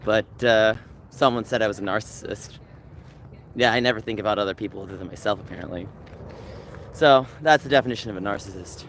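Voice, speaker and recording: A man's voice: on the low side, a little fast, fairly bright tone. Rambling man streaming from a dog park. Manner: rambling, reads chat aloud, talks to dogs. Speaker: live streamer. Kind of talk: casual live stream chat. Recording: faint outdoor noise, dogs barking. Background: dogs and faint outdoor ambience.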